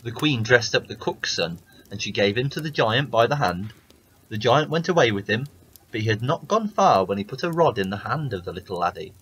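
A man reading a fairy tale aloud as a storyteller, in steady, plain narration. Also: medium pitch, fairly quick, slightly rough, rough recording.

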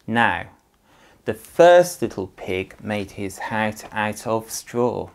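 A male primary school teacher teaches a story through actions. He speaks slowly and patiently, encouraging young children to join in. His voice has a gravelly texture. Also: fairly low pitch, expressive.

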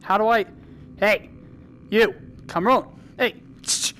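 A woman hosting her own gaming channel, chatting and joking through a VR game and breaking into loud yells. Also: slow. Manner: chatty, jokey, bursts into high yelling. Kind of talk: casual gameplay commentary.

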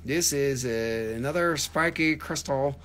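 A man's voice: mid-range voice, a little slow, a bit bright. A man hosting a live stream that sells minerals, joking and rambling as he trails off into fillers. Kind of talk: casual live sales chat.

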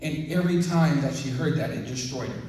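A man preaching a sermon, telling a scripture story in a lively way and acting out the quotes. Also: mid-range voice, brisk, a little hiss or hum. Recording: echoey hall from far off.

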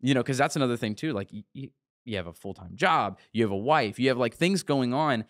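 A man's voice: medium pitch, brisk, no room sound, clean studio sound. A young man who is a musician and church worker, chatting as a guest in a casual interview and telling stories with acted-out quotes. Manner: relaxed storyteller, acts out quotes.

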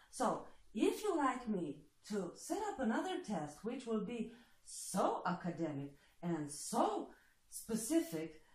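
A woman's voice: medium pitch, a little mellow. A woman from Eastern Europe talking in a blunt, sarcastic casual monologue, swearing freely as she addresses applicants to her test. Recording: echoey room with faint noise.

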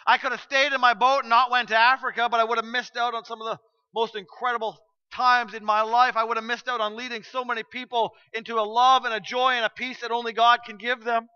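Pastor, male, high bright voice, smooth delivery, dramatic storyteller sermon, dull lo-fi church recording. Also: level tone, fast talker. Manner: storytelling, dramatic shifts from loud to hushed. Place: church sanctuary.

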